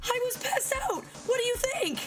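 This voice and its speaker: A woman's voice: very high-pitched, lively intonation, moderate pace, pitched above the performer's own voice. A woman reading the lines of a bossy, impatient young woman in a game, snapping out orders. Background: game music.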